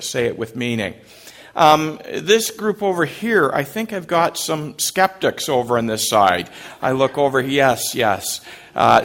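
Chatty pastor leading a church service. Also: male voice, medium pitch, fairly bright tone. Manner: conversational, frequent "uh" fillers, questions and light jokes to the congregation. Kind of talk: sermon. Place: church service before a congregation.

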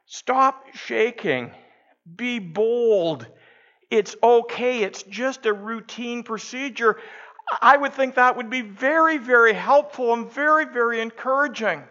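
A man's voice: very high-pitched, slow pace, sharp tone, lo-fi sound, pitched above the performer's own voice, heavily acted. A man voicing an earnest female hospital administrator in a sermon story, with a raised, reassuring tone. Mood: puzzled, earnest.

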